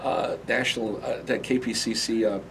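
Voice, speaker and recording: A slight hiss or hum sits under this interview, where a man with a lowish voice talks at normal speed. He recounts animation anecdotes in a lively, relaxed manner, laughing frequently and briefly voicing cartoon characters.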